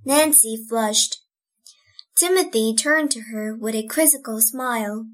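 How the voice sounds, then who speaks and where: Woman narrator, audiobook, high voice, slow, gentle.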